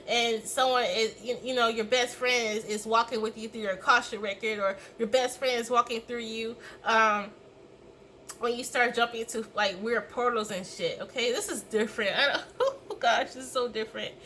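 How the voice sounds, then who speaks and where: A woman's voice: on the high side, pushed and bright, slight background noise, rough recording. A woman giving a casual tarot reading, rambling and swearing freely as she acts out reactions. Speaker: tarot reader.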